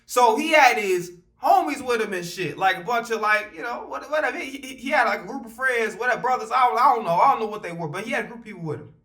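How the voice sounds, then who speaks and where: Man, bright and sharp tone, casual storytime vlog, profane, rambling with restarts. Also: extremely high pitch, lively intonation, fast. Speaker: vlogger telling a story.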